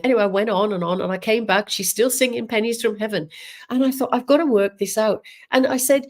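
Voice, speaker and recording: A woman giving a live psychic reading, talking gently and haltingly with many ums and restarts. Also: mid-range voice. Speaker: psychic medium. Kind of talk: live spiritual reading, unscripted.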